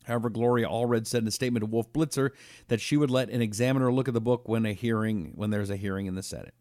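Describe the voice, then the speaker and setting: A man hosting a live talk show, reading an ad and viewer comments in an animated, emphatic way. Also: on the low side, quick pace, dry recording, studio quality.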